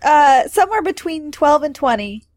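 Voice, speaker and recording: A woman co-hosting a casual comedic chat, tossing out quick deadpan quips and laughing easily. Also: sits high, dry recording. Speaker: podcast co-host.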